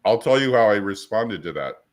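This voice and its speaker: A man's voice: on the low side, expressive, normal speed. A man co-hosting a coaching podcast, talking assertively in casual chat and acting out quotes in his stories. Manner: assertive, storytelling with acted-out quotes.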